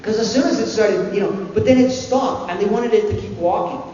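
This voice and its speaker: Before an audience in a big convention hall, a panel guest with a high voice delivers a comic story a little quickly, laughing and playing out what others said. A crowd can be heard behind him, and the recording is echoey, dull, and picked up by a far-off mic.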